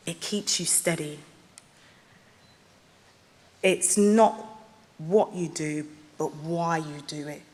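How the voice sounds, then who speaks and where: A woman giving an earnest, emphatic motivational speech at a graduation ceremony, stressing some phrases slowly. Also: low voice. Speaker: honorary degree recipient giving a speech. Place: large ceremony hall. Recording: long hall reverb.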